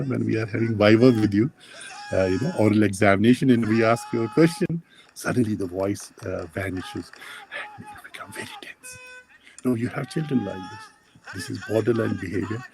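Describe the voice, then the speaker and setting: A man lecturing dental students, explaining plainly with many pauses and fillers and addressing the class directly. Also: on the low side, vocal fry, a little mellow, slight background noise. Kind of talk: university lecture.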